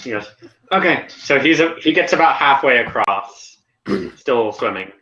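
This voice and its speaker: A man's voice: mid-range voice, expressive, measured pace, pushed and bright. A man acting as game master, narrating a tabletop game in a casual, descriptive way with frequent restarts. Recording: echoey dull lo-fi voice chat.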